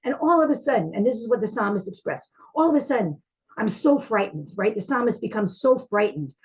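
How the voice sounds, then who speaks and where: A woman's voice: on the high side, lively intonation, a little fast, a little mellow, rough recording. A woman teaching a class, talking in a heartfelt, searching way with many fillers and restarts.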